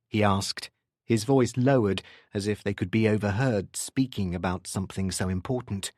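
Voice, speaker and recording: A man reading a crime thriller audiobook in a steady, expressive narration on a close studio mic. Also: lowish voice, moderate pace, no room sound.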